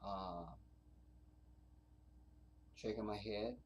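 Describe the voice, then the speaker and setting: A man's voice: on the low side, fairly even intonation, extremely slow, a little hiss or hum. Rambling man hosting a livestream. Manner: rambling, swears, reads viewer chat aloud. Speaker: livestream host. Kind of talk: casual livestream monologue.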